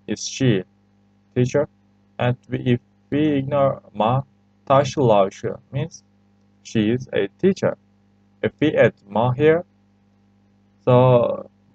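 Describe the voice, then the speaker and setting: A native Turkish speaker with a Turkish accent teaches a language lesson over a screen recording, pausing patiently and repeating phrases for learners. His voice is medium-pitched and a little mellow. There's no room sound, though the lo-fi recording is slightly muffled.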